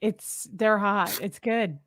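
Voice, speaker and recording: A woman's voice: mid-range voice, takes it slowly, crowd noise. A woman co-hosting a casual livestream chat, playful and laughing, reading out viewer comments. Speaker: co-host.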